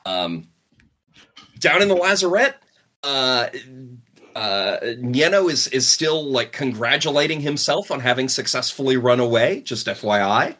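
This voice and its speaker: A man's voice: medium pitch, animated, measured pace, bright, forceful tone. A man running a tabletop role-playing game as game master, narrating playfully, laughing and often repeating words.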